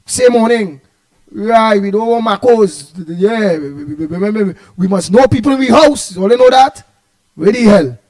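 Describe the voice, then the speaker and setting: A Trinidadian man hosts a live stream in a high, bright-pitched voice. He rambles and repeats himself, stumbling over words, and teases the viewers in loose, playful chat. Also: expressive, moderate pace. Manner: playful, teasing banter. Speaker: host of an online talk show.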